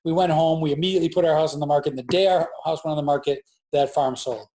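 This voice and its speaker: A man in his forties with a slightly high, very quick voice tells a story as an entrepreneur guest in a relaxed interview at his farm. He's an animated storyteller who performs the voices of the people he quotes.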